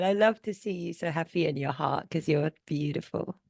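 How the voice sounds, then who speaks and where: A British woman singer and voice coach being interviewed, gentle, unhurried and quick to laugh. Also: low-pitched, creaky, no room sound, clean studio sound. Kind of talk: casual interview chat.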